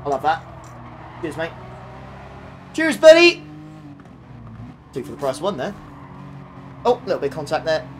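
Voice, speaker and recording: A young man streaming a racing game, reacting excitably with frequent laughs and quick apologies while talking to his chat. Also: a little high, slight background noise. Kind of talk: live racing game commentary. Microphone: desktop USB condenser mic.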